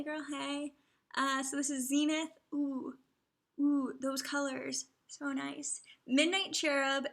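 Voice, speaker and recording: High gravelly-voiced young woman streamer. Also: a bit bright. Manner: chatty, often drops into half-whispered asides. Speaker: livestream host. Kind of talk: casual live commentary.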